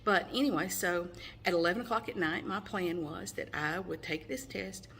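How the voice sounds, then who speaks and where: A woman's voice: lowish voice, normal speed, fairly bright tone, a little hiss or hum. Earnest woman telling her own story. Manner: earnest, storytelling with many fillers. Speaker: mother sharing her testimony. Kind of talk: personal testimony to camera.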